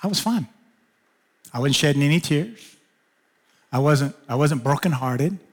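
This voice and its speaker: A man's voice: animated, measured pace, in a large hall. A male pastor preaching a sermon, telling a personal story and acting out conversations. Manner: personal storytelling, acting out dialogue with sudden pitch jumps.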